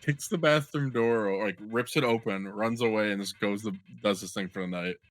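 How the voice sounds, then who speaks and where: A young man co-hosting a podcast, telling a long crude anecdote in an animated, joking way. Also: lowish voice, moderate pace, no room sound. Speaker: podcast co-host. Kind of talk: casual storytelling chat.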